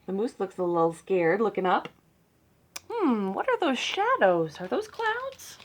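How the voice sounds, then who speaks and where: A woman librarian reading a picture book aloud to children, playful and teasing, with dramatic gasps and hushed asides. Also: medium pitch, very animated, a little slow.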